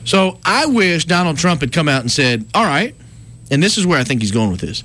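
A man's voice: fairly high pitch, sing-song, brisk, pushed and bright, slight background noise. A man hosting a morning talk radio show, sarcastic and mocking in his banter. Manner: sarcastic, mocking, puts on sing-song voices. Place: radio studio.

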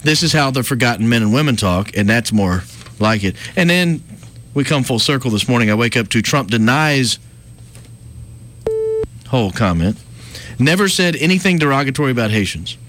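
A man's voice: mid-range voice, expressive, normal speed, pauses often, a bit bright, slight background noise. A man hosting a morning talk radio show, sarcastic and mocking in his banter. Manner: sarcastic, mocking, puts on sing-song voices. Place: radio studio.

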